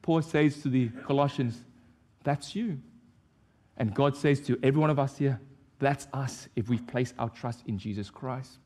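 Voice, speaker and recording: A pastor delivering an impassioned sermon, repeating declarations with rising force. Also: male voice, mid-range voice, moderate pace, darkish tone. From Vietnam.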